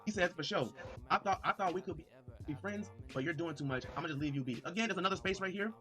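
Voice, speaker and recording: Excitable male streamer, high and quick, riffing to his chat over soft music. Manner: excitable, addresses chat directly, reads messages aloud. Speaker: livestreamer. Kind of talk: livestream commentary.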